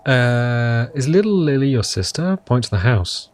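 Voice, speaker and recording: A man's voice: medium pitch, sing-song, a little slow. Guy streaming a game, reads lines out, cracks jokes, mid voice. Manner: reads game text aloud, jokey asides. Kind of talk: casual let's-play commentary.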